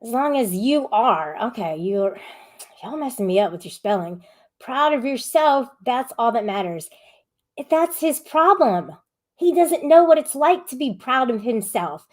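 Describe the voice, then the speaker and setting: Woman, live-stream host, slightly high voice, rambling, casual, scolding. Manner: chatty, rambling, sharp and scolding at viewers. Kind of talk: casual live-stream chat, reading chat aloud.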